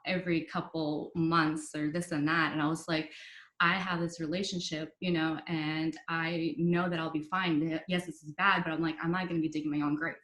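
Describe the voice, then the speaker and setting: A young woman with a lowish voice tells her story as a podcast guest. Her talk is casual and chatty, full of fillers, and she acts out what others said. The recording has a roomy echo. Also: a bit bright. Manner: chatty, many fillers like "like" and "you know", quotes others in dialogue.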